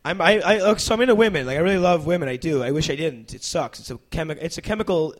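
A young man doing stand-up comedy, then chatting as a talk show guest, rambling and interrupting himself with animated bursts. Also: a little high, fast. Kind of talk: stand-up set then casual chat.

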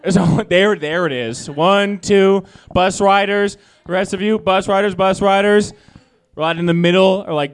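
A man with a high voice performs stand-up comedy, animated and self-deprecating as he works through his jokes. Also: measured pace, clear, resonant tone. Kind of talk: stand-up set.

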